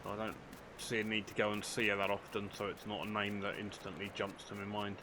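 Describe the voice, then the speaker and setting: Older man, low pitch, chatty self-mocking let's play commentary, clear background noise. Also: flat delivery, brisk. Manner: chatty, self-mocking, dry humour, talks to game characters. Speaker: gaming channel host.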